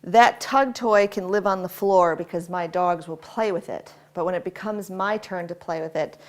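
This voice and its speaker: A woman dog trainer demonstrating tug play, explaining patiently between short commands to a dog. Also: lowish voice.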